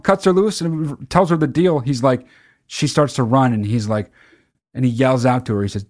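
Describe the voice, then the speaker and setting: A man hosting a casual monologue to his viewers, telling a story in a profane, excitable way with sudden loud outbursts. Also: mid-range voice, moderate pace, no room sound, clean studio sound. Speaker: channel host.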